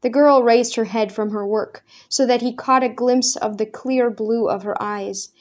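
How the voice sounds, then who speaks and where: A woman reading a story aloud in a measured, even narration. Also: on the high side. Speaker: audiobook narrator. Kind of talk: scripted narration.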